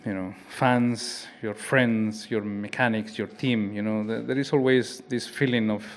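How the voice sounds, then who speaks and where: A man's voice: lowish voice, fairly even intonation. A man from Spain, a racing driver who speaks English with a Spanish accent, answering reflectively at a press conference, often restarting his phrases. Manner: halting, reflective, with frequent restarts.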